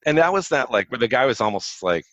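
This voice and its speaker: Fast-talking man acting out his stories. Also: medium pitch, no echo, highs cut off. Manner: animated storyteller, acts out quoted dialogue, frequent likes. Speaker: guest telling career stories. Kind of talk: casual chat.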